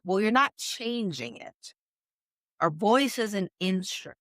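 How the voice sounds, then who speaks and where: A woman giving instructional podcast advice as a communication coach, in a measured coaching tone that checks in with the listener. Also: on the low side, animated, fairly bright tone, no room sound, studio quality. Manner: measured, coaching tone with frequent "right?" check-ins.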